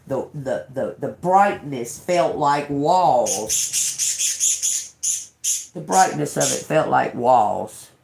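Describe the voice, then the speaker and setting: A woman's voice: extremely low pitch, expressive, takes it slowly, vocal fry, pauses often, a little mellow. A woman hosting a tarot livestream who tells a personal story casually. She talks frankly, swears a lot, repeats phrases and breaks into laughter often. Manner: drawling, repeats herself. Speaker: tarot reader livestream host.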